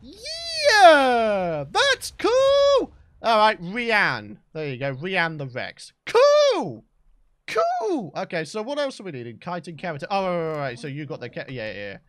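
A young British man commentating his own gameplay with a bright, edgy tone. His fairly high voice swoops wildly up and down as he chatters and bursts out in excitement, like a let's play host talking straight to his viewers. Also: a little fast, hardly any pauses, no echo, clean studio sound. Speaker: gaming channel host.

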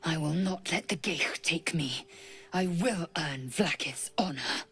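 An actress voicing a fierce, proud githyanki warrior woman who makes slow, grim threats in video game dialogue. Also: low-pitched, a bit bright, breathy edge, soft background music, full character voice. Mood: menacing.

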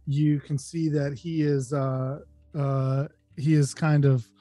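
A man narrating a tabletop game as game master, halting and restarting as he talks. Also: fairly high pitch, level tone, dark tone, no echo. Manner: halting, many fillers and restarts. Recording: dry close mic, faint music.

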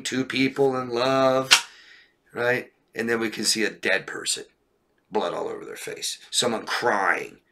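During a live stream, a man coaches on relationships, reading viewer questions and answering bluntly while often checking in with "right?" and "okay?". His medium-pitched voice sounds pushed and bright, with slight background noise.

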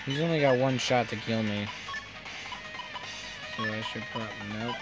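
A man's voice: medium pitch, measured pace, loud music behind the voice. A man giving casual gameplay commentary, sarcastic and swearing often. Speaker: let's play gamer.

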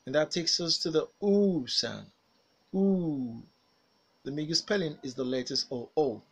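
A man teaching phonics, saying single words and sentences slowly and carefully for learners to repeat. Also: fairly high pitch, animated, breathy edge, poor audio. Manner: slow, carefully enunciated single words with pauses for repetition. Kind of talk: pronunciation drill lesson.

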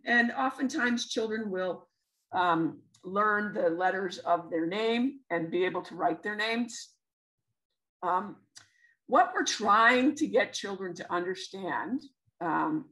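A woman's voice: mid-range voice, a bit bright, low-quality recording. A woman with a Canadian accent presenting a literacy webinar, explaining step by step with many fillers and restarts. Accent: Canadian English.

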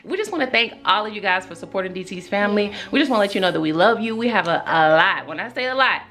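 A woman's voice: mid-range voice, fast, soft background music. A woman chatting casually in a family vlog, talking straight to viewers. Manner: animated, talks to viewers directly. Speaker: family vlogger.

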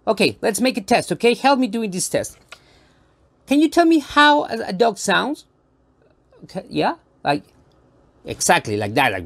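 Lively, gravelly children's performer. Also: mid-range voice, moderate pace, pauses often, no room sound. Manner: teasing, makes a show of suspense; talks directly to an unseen audience. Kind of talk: playful storytelling to children.

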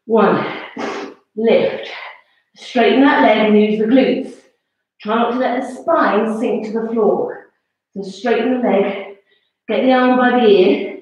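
A woman fitness instructor coaching a workout class with brisk, encouraging commands and counts. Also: fairly high pitch, a little mellow. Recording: very echoey, distant, dull-sounding room recording.

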